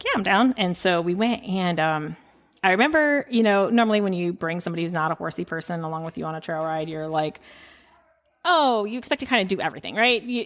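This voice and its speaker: A woman's voice: on the low side, vocal fry. A woman telling a casual story as a podcast guest, chatty and full of "like" fillers, laughing often. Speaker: podcast guest, horse farm owner. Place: farm porch.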